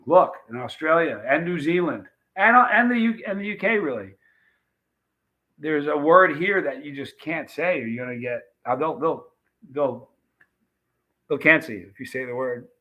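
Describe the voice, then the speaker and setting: A middle-aged livestreamer from the United States tells his chat a rambling story, animatedly acting out the quotes and often restarting. His pitch is fairly high and his pace normal, with the highs cut off in the audio.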